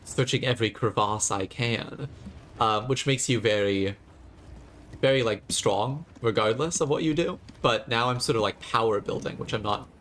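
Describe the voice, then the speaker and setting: A man commenting on his live gameplay, chatty and quick to toss off sarcastic jokes. His voice sits at an ordinary middle pitch. He talks straight to his viewers. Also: a bit bright, slight background noise. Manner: chatty and jokey, sarcastic asides. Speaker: streamer.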